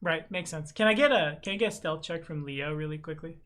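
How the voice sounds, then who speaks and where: A game master running a tabletop game in a relaxed, low-key way. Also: a little fast.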